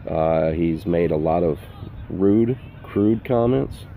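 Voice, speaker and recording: A man's voice: low-pitched, takes it slowly, narrow, tinny audio, a little hiss or hum. An older man, a full-time RV vlogger, giving earnest, emphatic safety advice outdoors, repeating his points. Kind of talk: casual outdoor vlog advice. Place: outdoors in the sun.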